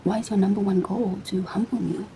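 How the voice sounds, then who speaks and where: A woman's voice: medium pitch, fairly even intonation, fairly quick, creaky, background noise. A woman vlogger venting casually to the camera, blunt and full of rhetorical questions, repeating points for emphasis.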